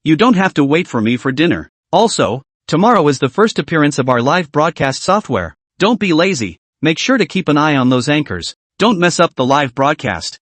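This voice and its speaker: Calm young boss giving orders, read by a male narrator; lively pitch, dry. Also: normal speed, few pauses, no echo. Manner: calm, instructing.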